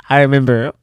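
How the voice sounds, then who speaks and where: A man with a slightly high voice, recorded dry at studio quality, is a comic artist and channel host talking casually about his own comic and reading from it. He rambles with lots of fillers and frequent laughs while his nose bothers him.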